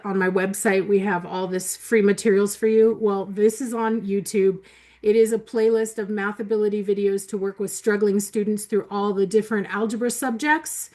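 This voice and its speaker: Over a computer microphone, a woman with a medium-pitched voice runs a live math webinar. Her style is chatty and upbeat, packed with fillers, and she laughs as she reads out messages from the chat.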